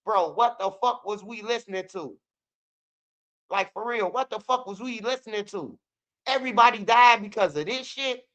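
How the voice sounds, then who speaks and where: A man's voice: very high voice, pushed and bright, muffled recording. A man ranting loosely and bluntly in casual street news commentary, repeating himself and mocking rap lines. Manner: loose, blunt, profane rant with repeats and mock rapping. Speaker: commentary channel host.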